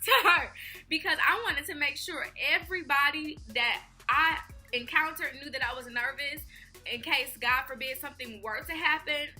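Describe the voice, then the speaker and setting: Bright-voiced chatty woman vlogger. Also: sits high. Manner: chatty, acts out quoted people. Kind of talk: casual storytime.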